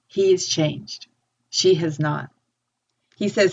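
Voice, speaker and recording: A woman's voice: lowish voice, takes it slowly, creaky, long pauses, darkish tone, breathy edge. A woman teaching a literature lesson, explaining a text and reading quoted passages aloud with feeling. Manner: thoughtful, reads quotations with feeling. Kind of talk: lecture with read-aloud passages. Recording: dull lo-fi recording.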